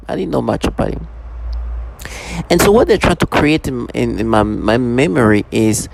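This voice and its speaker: A man talking to camera in a rambling personal monologue, halting often, restarting his sentences and leaning on repeated fillers. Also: medium pitch, creaky, background noise. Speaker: vlogger.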